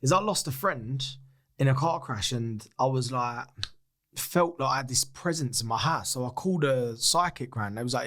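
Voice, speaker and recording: A man's voice: medium pitch, normal speed. A man, a podcast guest telling a personal story in a casual, candid way, swearing freely and acting out what others said. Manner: swears freely, acts out other people's lines; animated, excitable retelling.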